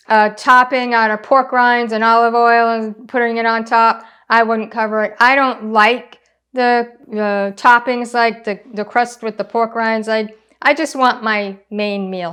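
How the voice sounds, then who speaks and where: A woman with a smooth, clear voice pitched a little high walks through a recipe in her home kitchen. She chats easily and explains each step as she goes, like a casual cooking show host. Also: fairly bright tone.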